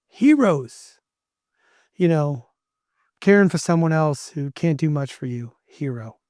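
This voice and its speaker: A man's voice: a little high, darkish tone, no echo, studio quality. A middle-aged man, a podcast guest, talking earnestly and emphatically like a motivational speaker. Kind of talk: casual interview talk.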